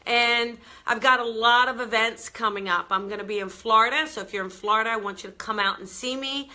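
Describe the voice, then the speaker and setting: A woman's voice: a little high, fairly quick, pushed and bright. A woman hosting a live show, chatting in a bubbly, direct way to her viewers. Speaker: host of a live weekly show. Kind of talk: casual live-stream chat to viewers.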